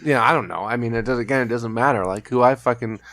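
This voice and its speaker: A man's voice: medium pitch, fast, fairly bright tone, no room sound. A man in his thirties, a podcast guest telling candid stories in casual chat, swearing freely. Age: 30s.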